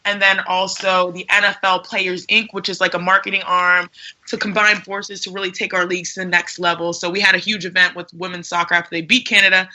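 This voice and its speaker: A hoarse woman co-hosting a basketball podcast, playful and joking with her partners. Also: on the low side, little pitch movement, brisk, bright, forceful tone. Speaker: podcast co-host. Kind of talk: casual sports talk.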